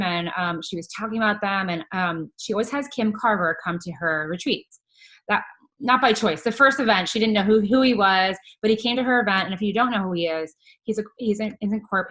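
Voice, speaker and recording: A woman's voice: mid-range voice, a bit bright. A woman casually presenting a recap to her team over a video call, chatty and rambling with lots of fillers.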